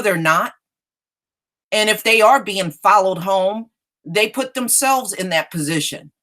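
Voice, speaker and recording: A woman's voice: lowish voice, fairly bright tone. Scornful woman commentary host. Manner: scornful and blunt, talking straight to viewers. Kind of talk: casual reaction commentary.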